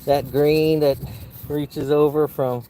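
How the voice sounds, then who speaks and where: A man talks unhurriedly as he paints in a field, rambling and wry with his viewers. His voice is mellow and a little high for a man, with faint outdoor noise behind him. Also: level tone, slow pace. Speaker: plein air painter. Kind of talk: casual narration while painting.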